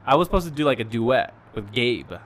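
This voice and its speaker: A man's voice: mid-range voice, lively intonation, brisk. A young man as a guest in a casual chat, rambling through stories with restarts. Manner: rambling storyteller with frequent restarts and laughs.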